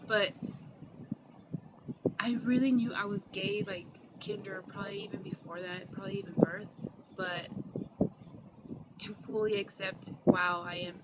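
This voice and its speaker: A woman's voice: mid-range voice, little pitch movement, a little slow, long pauses. A young adult woman telling her personal story in a casual, heartfelt way, often saying "like". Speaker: interviewee. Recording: loud vehicle noise behind.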